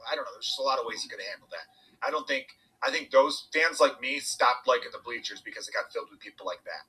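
Fast, bright-voiced chatty man. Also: medium pitch, husky, rough recording. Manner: animated storytelling, swearing, quoting others. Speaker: podcast guest, comedian. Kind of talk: casual chat.

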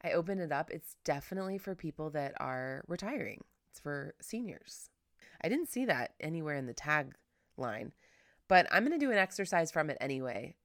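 A woman's voice: sits low, sing-song, normal speed, no echo, studio quality. A woman hosting a casual solo podcast, chatty and rambling, self-deprecating, with lots of filler words. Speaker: podcast host.

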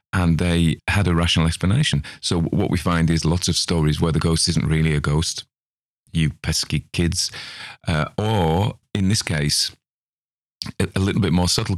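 A man's voice: extremely low pitch, no room sound, studio quality. An Australian man hosting a podcast, chatting loosely about a ghost story with rambling, self-mocking asides. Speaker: podcast host. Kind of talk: casual spoken commentary on a ghost story.

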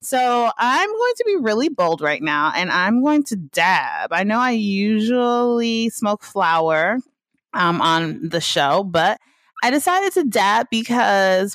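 A woman hosts a casual solo podcast from her apartment, laid-back, laughing often, and drawling some words. Her lowish voice has a fairly bright tone, recorded on a home podcast microphone with no echo.

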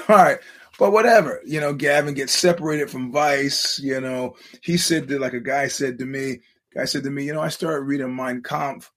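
A man's voice: mid-range voice, level tone, moderate pace, fairly bright tone. A man hosting a podcast, talking casually in a rambling way, restarting his sentences often and quoting other people as he goes. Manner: rambling, frequent restarts, quotes others in voices. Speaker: podcast host. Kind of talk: casual monologue to listeners.

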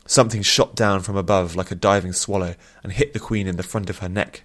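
A man narrates a fantasy audiobook in a somewhat low voice. He reads in a measured, steady storytelling way.

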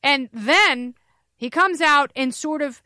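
A middle-aged woman guesting on a podcast, joking quickly and laughing often in casual banter. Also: sits high, pushed and bright, dry recording, clean studio sound. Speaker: guest, fellow show host.

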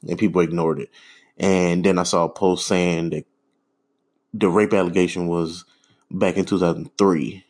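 A man with a very deep, low voice rants on his own podcast. He rambles and swears freely, stumbling over fillers and breaking into scoffing laughs. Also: fairly even intonation, normal speed, pauses often, darkish tone. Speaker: podcast host. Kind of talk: casual solo rant.

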